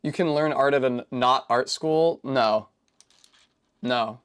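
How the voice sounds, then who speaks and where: A woman's voice: very deep voice, slow pace, clear, resonant tone. A young woman from Rhode Island chats loosely on a live stream. She rambles from tangent to tangent, curses casually and makes fun of herself. She answers viewers' messages as they come in. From Rhode Island, USA. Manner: rambling, profane, self-deprecating; reads out and answers chat messages.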